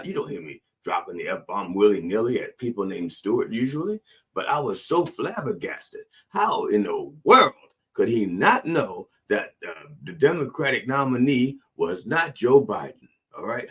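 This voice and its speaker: Comic preacher host, male, lively swooping pitch, preacher cadence broken up by cussing. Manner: animated preacher cadence, repeating phrases, mixing in cussing. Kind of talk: comedic mock sermon.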